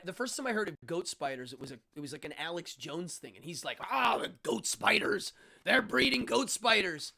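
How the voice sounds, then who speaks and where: A man hosting a casual livestream, rambling and excitable, laughing often and reacting out loud to chat messages. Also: on the high side. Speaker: host.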